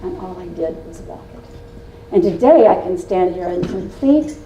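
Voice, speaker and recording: A woman's voice: lowish voice, lively intonation, moderate pace, warm tone, a little hiss or hum. A woman in her sixties from Indiana, giving a storytelling keynote to a live audience in a folksy, playful and confiding way, with teasing asides to the crowd. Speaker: keynote speaker. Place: meeting room with a live audience. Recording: roomy hall from a distant mic.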